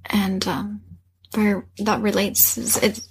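A woman's voice: medium pitch, steady tone, unhurried, slightly rough. A woman hosting a casual conversation and following up on her guest's stories with agreement. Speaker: host.

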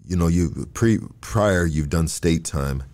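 A man hosts a podcast in a relaxed, casual way, with a low-pitched voice. He asks loose follow-up questions and hesitates here and there as he talks. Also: slow pace. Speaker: podcast host. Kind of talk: casual interview.

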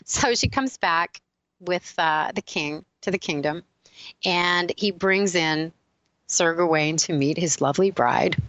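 A woman giving a spiritual talk, retelling a legend in a lively storytelling manner. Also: fairly low pitch, no echo, low-quality recording. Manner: animated storyteller, switching quickly between characters. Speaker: spiritual speaker.

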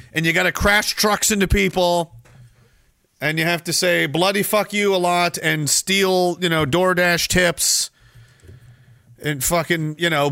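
A man's voice: high-pitched, bright, forceful tone, no echo, studio quality. A man hosting a live stream, ranting sarcastically in a mocking, rambling way. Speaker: streamer host.

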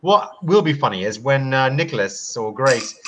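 A man's voice: medium pitch, animated, normal speed, fairly bright tone, echoey room, a little hiss or hum. A man in casual podcast chat, teasing dryly and running himself down. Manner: self-deprecating, dry teasing. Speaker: co-host.

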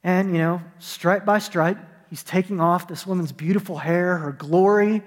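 A man preaching a sermon, telling a story and moving between hushed, soft moments and rising, emphatic calls. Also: high voice, fairly even intonation, normal speed. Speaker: pastor. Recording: long hall reverb.

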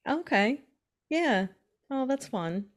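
A woman's voice: high voice, animated, slow. A young woman co-hosting a book podcast in casual chat, giggling and trailing off as she thinks. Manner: giggly, hesitant, laughs between words.

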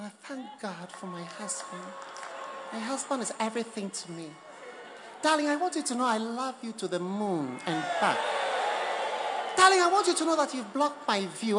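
A man voicing a gushing wife giving a theatrical, tearful-sounding speech of praise for her husband. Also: very high voice. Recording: live church with noisy crowd laughter.

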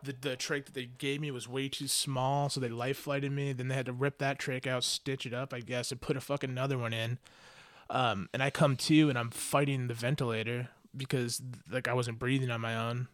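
A man's voice: mid-range voice, flat delivery, fairly quick, fairly bright tone, no echo. A young man hosting a podcast, telling a long story casually, with lots of fillers and frequent swearing. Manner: rambling storyteller, swears often, many fillers. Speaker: podcast host. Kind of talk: casual chat.

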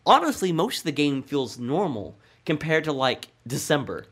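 Excitable man with a lively voice. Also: on the high side, moderate pace, husky. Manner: excitable, animated, swings into loud bursts. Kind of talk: casual chat about a video game.

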